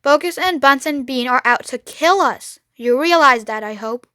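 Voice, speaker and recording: A woman's voice: high-pitched, moderate pace, no room sound, studio quality. A woman voicing a clever, confident male fox who leads the others in a storybook. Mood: assured. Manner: calm and assured, softly menacing at times.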